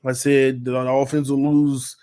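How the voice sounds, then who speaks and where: A man's voice: medium pitch, flat delivery, a little slow, warm tone, dry recording, clean studio sound. A man hosting a fan channel livestream in casual chat, a little tipsy, playful and rambling, laughing often.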